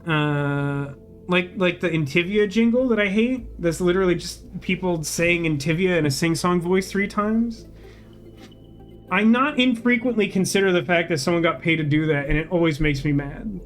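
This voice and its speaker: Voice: mid-range voice, normal speed, soft background music. A game streamer reading a narrative game aloud and breaking off for wry, sarcastic asides.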